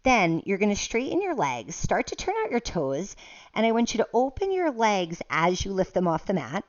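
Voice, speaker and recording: This Pilates instructor guides a home workout in a sing-song, medium-pitched voice at a moderate pace, giving counts for every move. She sounds a little out of breath and chuckles at her own expense. The recording is dry, and the highs are missing.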